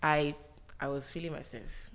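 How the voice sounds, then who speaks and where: A woman hosting a podcast in casual conversation, self-assured and animated, laughing often. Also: low voice, normal speed. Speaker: podcast host.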